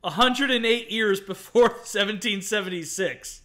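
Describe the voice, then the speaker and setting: A man co-hosting a casual film review podcast, animated and quick to laugh, with jokey asides. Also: high-pitched. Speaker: podcast co-host.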